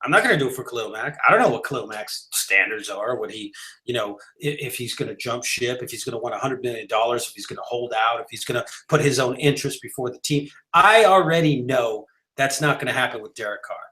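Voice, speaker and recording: A man's voice: mid-range voice, lively intonation, quick pace, sharp tone. A man holding forth on a live sports talk show. He argues his point hard, stumbling through restarts and fillers as he builds his case. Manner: emphatic, rambling with many restarts and fillers. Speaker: podcast co-host.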